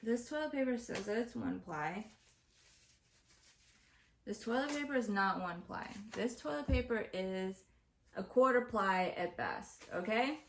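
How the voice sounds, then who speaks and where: A woman's voice: mid-range voice, lively intonation, measured pace, vocal fry, a bit bright, slight background noise. A woman hosting her own show, delivering an exasperated, profane comedic rant to the camera. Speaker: host. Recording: roomy echo.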